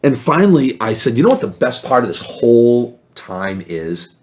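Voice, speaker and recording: A man telling a story in casual chat, animated and acting out the people he quotes. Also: moderate pace. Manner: animated, acts out quoted voices with big pitch jumps. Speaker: podcast guest.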